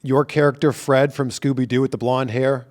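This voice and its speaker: A man in his late thirties hosting a casual interview, chiming in with quick, enthusiastic replies. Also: mid-range voice, level tone, darkish tone. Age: 30s. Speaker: interview host.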